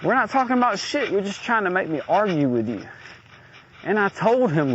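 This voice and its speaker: A man's voice: high voice, animated, fairly quick. Man, aggrieved and profane, in an audio diary rant; muffled lo-fi take with faint hiss. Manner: blunt, profane, aggrieved venting. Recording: dull lo-fi recording with faint noise.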